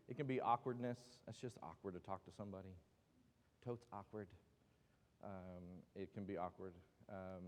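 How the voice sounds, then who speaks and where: A man's voice: on the low side, darkish tone, long reverb tail. A man teaching a Bible class in a casual, joking way with lots of asides. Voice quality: joking, chatty, with many asides. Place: church meeting room.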